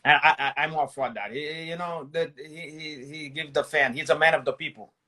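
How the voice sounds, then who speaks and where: A man's voice: on the high side, fairly even intonation, normal speed, sharp tone, a little hiss or hum. A man co-hosting a casual show, joking and swearing freely in banter. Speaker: co-host. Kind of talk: casual chat.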